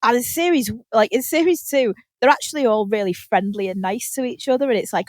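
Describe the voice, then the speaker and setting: A British woman hosting a podcast, telling animated stories in casual chat, laughing often and swearing casually. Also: fairly high pitch, fairly quick, no echo. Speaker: podcast host.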